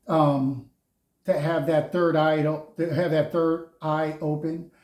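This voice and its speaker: High-voiced tarot guy, slow, preachy, laughs a lot, kinda echoey room. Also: dark tone. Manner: preachy, mocking, laughs often. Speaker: tarot reader. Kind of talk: casual spiritual tarot vlog. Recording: roomy echo.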